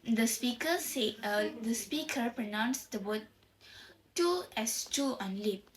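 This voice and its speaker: Young woman, Malaysian English accent, student presenter, slow and hesitant delivery, slightly high pitch. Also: animated, rough recording. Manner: halting, self-correcting explanation. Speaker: university student. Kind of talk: recorded class presentation.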